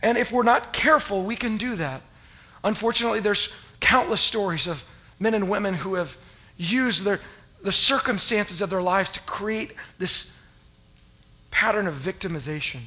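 A middle-aged man preaching a sermon as a pastor, telling stories and acting out his past self with loud, rising cries. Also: high-pitched, moderate pace.

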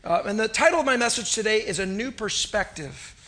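A man's voice: sits high, animated, a little fast, sharp tone. A man preaching a sermon in a church, upbeat and chatty, joking with the congregation. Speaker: pastor. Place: church sanctuary.

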